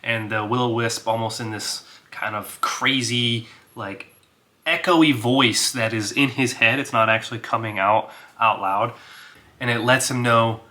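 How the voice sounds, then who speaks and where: A man's voice: mid-range voice, steady tone, unhurried, bright, forceful tone. A man casually narrating his solo tabletop role-playing game, thinking aloud with filler words and small chuckles.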